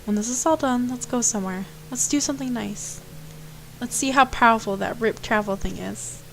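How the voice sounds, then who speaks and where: A woman's voice: on the high side, moderate pace, vocal fry, fairly bright tone, slight background noise, poor audio. A woman streamer reading a visual novel aloud, with playful, joking asides.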